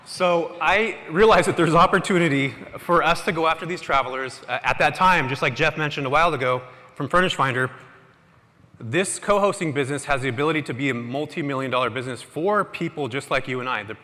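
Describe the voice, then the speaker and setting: A man giving an energetic, casual motivational talk to a live audience in a large hall, often quizzing the crowd. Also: medium pitch, fairly quick. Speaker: conference speaker. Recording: echoey hall with long reverb.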